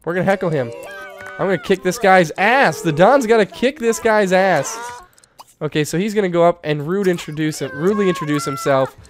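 A young man giving playful, excitable commentary while playing a life-sim game, laughing often. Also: sits high, fairly quick. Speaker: gaming YouTuber. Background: faint game music.

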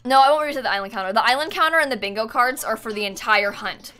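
A high-pitched woman streamer with a bright, sharp tone, talking to her chat while she plays. She is excitable and dramatic, giggling often, with faint music playing behind her. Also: quick pace. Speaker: game streamer.

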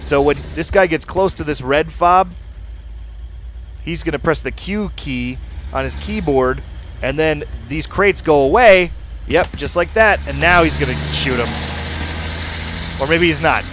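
A man's voice: on the high side, unhurried, long pauses. Chatty streamer man over gunfire. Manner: chatty, laughs often while explaining the game. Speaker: livestreamer. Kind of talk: live gameplay commentary. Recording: loud game noise with gunfire behind. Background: game sounds, vehicles and gunshots.

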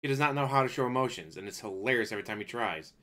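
A man's voice: mid-range voice, animated, very fast, pushed and bright. A man hosting a reaction video, talking in a sarcastic, mocking way and swearing now and then. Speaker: reaction channel host.

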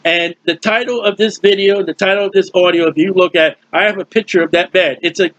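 A man's voice: high-pitched, steady tone, fairly quick, a bit bright, dry recording, dull audio. A man teaching through a Bible passage in a conversational way, explaining with everyday comparisons and often restarting his sentences. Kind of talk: informal verse-by-verse Bible teaching.

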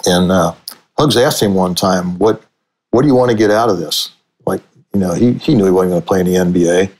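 A low-pitched older man from Cincinnati recounts stories as a guest on a sports podcast. He talks in a rambling way, circling back and restarting his sentences as he goes. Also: a little fast, darkish tone, low-quality recording. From Cincinnati, USA. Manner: rambling storyteller with frequent restarts. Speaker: sportswriter and author. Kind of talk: conversational storytelling interview.

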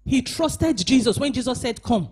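In a church service sermon, a woman pastor moves from shouted emphasis into hushed asides and calls on the congregation to respond. Her slightly rough voice is a little high and animated, at a normal speed.

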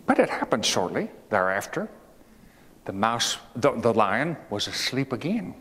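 A man's voice: medium pitch, sing-song, measured pace, fairly bright tone. A man performing a folksy 19th-century storyteller, reading a fable aloud with homespun asides and questions to his listeners, in an echoey hall. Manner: homespun, digressive, asks the audience questions. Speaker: historical reenactor as a 19th-century president. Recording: echoey hall with faint ambient noise.

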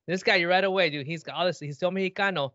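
A man co-hosting a podcast who jokes in an animated way and calls everyone dude and bro. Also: sits high, fast talker, no echo. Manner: animated joking, says dude and bro a lot. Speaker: podcast co-host. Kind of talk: casual chat. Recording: dry, muffled lo-fi audio.

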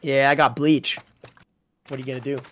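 A man's voice: medium pitch, level tone, brisk, a bit bright, a little hiss or hum. An American man bantering on a stream, playfully indignant, with music playing underneath. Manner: playful, mock-indignant outbursts. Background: background music.

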